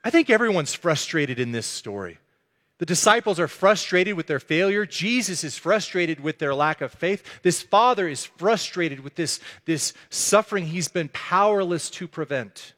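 A man's voice: on the high side, lively intonation, normal speed, a bit bright. A man preaching a sermon as a pastor, telling the story earnestly and acting out the quotes. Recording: echoey hall.

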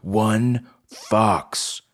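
A man's voice: lowish voice, drawn-out words, pitched above the performer's own voice. A man voicing an armed male robber, hot-tempered and bossy, snapping at the others. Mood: snappish.

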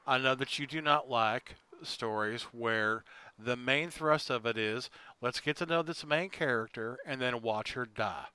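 A man's voice: mid-range voice, measured pace, clean tone, no echo, rough recording. A man co-hosting a casual movie chat, sarcastic and crude, telling the plot with jokes. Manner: animated, sarcastic, crude humor. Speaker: podcast co-host. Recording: dry close sound.

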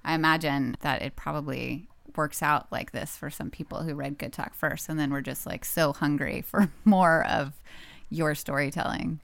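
A woman's voice: deep voice, fairly even intonation, moderate pace, gravelly, no echo. A woman interviewer gushing candidly to an author, swearing casually.

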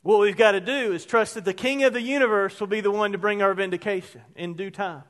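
A man's voice: high-pitched, fairly even intonation, quick pace, a bit bright. A male pastor preaching a sermon in a conversational, emphatic way, weaving in personal stories.

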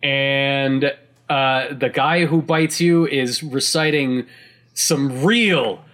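A man chatting casually about a video game, excitable and rambling, with many restarts and laughs mid-sentence. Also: medium pitch, drawn-out words. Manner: casual swearing.

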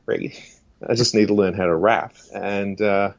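This man has a fairly low, gravelly, slightly mellow voice, recorded dry with dull lo-fi sound. He's an impressionist guest chatting casually in an interview about the voices he does, laughing often and breaking into quick celebrity and preacher impressions.

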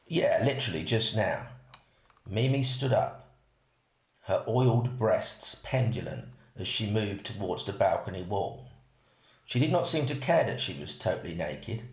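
Gravelly man reading a story. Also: lowish voice, a little mellow. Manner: unhurried, first-person storytelling. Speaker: narrator. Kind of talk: reading an erotic story aloud. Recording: roomy echo.

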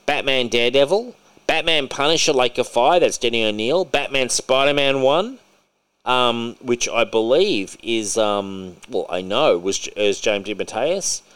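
A man hosting a podcast in casual chat, excitable and opinionated, swearing freely. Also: medium pitch, measured pace, clean tone. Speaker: podcast host. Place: podcast recording.

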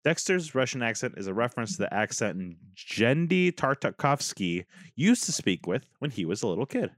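A man's voice: medium pitch, sing-song, moderate pace, dry recording, studio quality. A man co-hosting a podcast, chatting casually, joking and swearing, sometimes reading from the web. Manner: profane, joking, reads aloud from web. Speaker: podcast co-host.

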